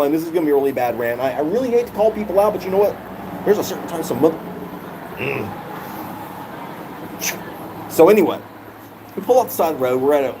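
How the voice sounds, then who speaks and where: Animated, swearing man ranting. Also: fairly high pitch, noisy background. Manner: animated, profane, repeats himself. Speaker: vlogger. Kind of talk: casual storytelling rant.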